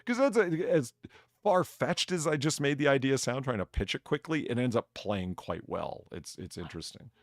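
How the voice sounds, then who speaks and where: Male host, casual chat, animated storyteller, swooping lively pitch, dead-dry close sound. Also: normal speed, no room sound. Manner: animated storyteller, laughs often. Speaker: streamer bartender host.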